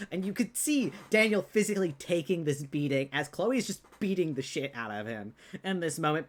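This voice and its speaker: A man narrates as game master of a tabletop role-playing game, with a voice of middle pitch. He rambles through the scene, padding his lines with "um" and "like" as he goes.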